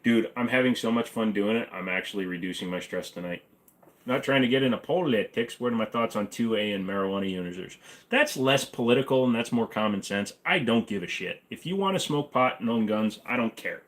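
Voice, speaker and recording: A man's voice: fairly low pitch, fairly quick, a bit bright. A man in his forties hosting a casual livestream Q&A from his apartment, talking in a rambling, offhand, joking way. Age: 40s. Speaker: livestream host. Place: apartment bedroom-living room.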